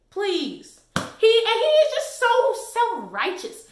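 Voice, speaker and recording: A woman's voice: extremely high pitch, takes it slowly. A young woman reviewing a book in a casual, sassy, exasperated rant. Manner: animated, sassy and exasperated, slips into quoted voices. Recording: echoey room.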